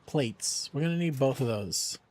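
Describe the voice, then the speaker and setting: A man's voice: mid-range voice, animated, normal speed, a little mellow. Guy streaming games, chatty, swooping voice, keeps talking to his dog. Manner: chatty, talks to his dogs and chat. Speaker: charity game streamer. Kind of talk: casual live-stream chat.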